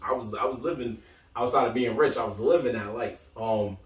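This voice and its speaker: Guy co-hosting a podcast, tells stories loud and animated, echoey room, mic kinda far. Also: mid-range voice, a little fast. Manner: animated storyteller, acts out voices, laughs often. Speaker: podcast co-host. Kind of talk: casual chat. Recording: roomy echo, mic from a distance.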